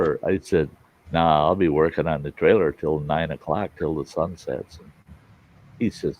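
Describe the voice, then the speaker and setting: A man with a low, animated voice takes his time, leaving long pauses as he hosts a live stream. He talks casually with viewers and rambles through folksy stories, voicing what others said, over a dull lo-fi recording.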